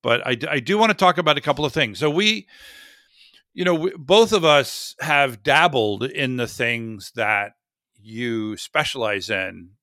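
A man's voice: medium pitch, pushed and bright, no room sound, clean studio sound. A man hosting a casual tech podcast, chatty and rambling, often correcting himself mid-sentence. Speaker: podcast host.

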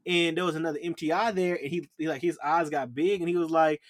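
A young man co-hosting a casual chat, telling military stories in a slangy, animated way and acting out the voices of people who yelled at him. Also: on the high side, quick pace, no room sound, clean studio sound. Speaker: podcast co-host.

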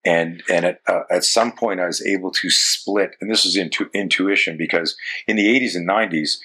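Canadian man, 60s, low forceful husky voice; rambling interview guest, swears casually. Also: brisk. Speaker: self-defense coach, guest.

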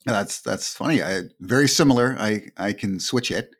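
A man hosting a casual chat, easygoing and quick to laugh. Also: lowish voice, husky, no echo, clean studio sound.

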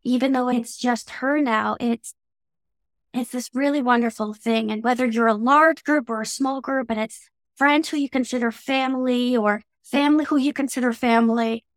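Canadian woman, Canadian English accent, reflective and unhurried, higher pitch, dry sound. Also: fairly even intonation, no room sound. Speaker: interview guest. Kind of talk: reflective conversational interview.

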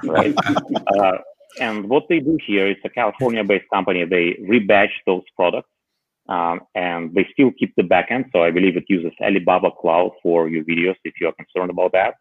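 A man on a podcast panel chatting casually about tech, halting often with filler pauses. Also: low voice, breathy edge, dry recording. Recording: tinny phone-like remote line.

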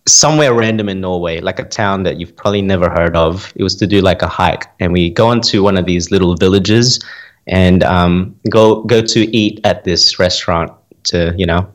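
A man's voice: low-pitched, moderate pace. A man co-hosting a podcast, telling a rambling story in casual chat, swearing and laughing often. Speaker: podcast co-host.

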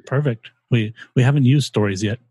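Husky man rambling on a podcast. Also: mid-range voice, brisk, dark tone, no echo. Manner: rambling, joking, swearing. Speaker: podcast co-host. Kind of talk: casual chat.

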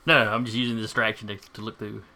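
A man's voice: fairly low pitch, little pitch movement, racing, a crowd in the background. Folksy male game master. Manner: casual, folksy asides. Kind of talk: narrating a tabletop game.

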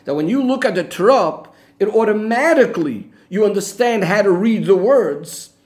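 A man's voice: sits high, animated, moderate pace, darkish tone. A man giving an explanatory Torah lesson, going through the reasoning methodically and restating each point step by step. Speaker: Torah teacher.

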